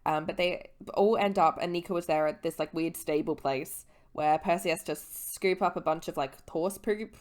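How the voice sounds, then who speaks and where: A woman's voice: deep voice, moderate pace, hardly any pauses. A young woman in her twenties, a little tipsy, giving a casual, rambling book recap as a vlogger, swearing and correcting her own slips.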